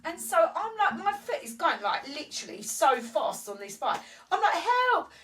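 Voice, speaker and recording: Woman podcast co-host, high, animated storyteller who laughs a lot; distant mic, light noise. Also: normal speed. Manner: animated, acts out quotes in a high voice, laughs often. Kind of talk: casual storytelling chat.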